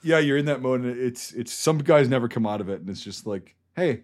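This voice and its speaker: A man's voice: mid-range voice, expressive, a little fast, a little mellow. A man in his thirties, a veteran co-hosting a podcast, talking in a blunt, profane, rambling way. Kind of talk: casual podcast banter.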